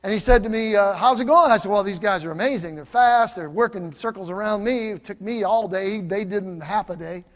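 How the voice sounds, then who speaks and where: An older man preaching a sermon, telling stories with lively swings from loud exclamations to quiet asides. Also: high-pitched, a little fast, hardly any pauses. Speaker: pastor. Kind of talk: sermon with storytelling. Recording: long hall reverb.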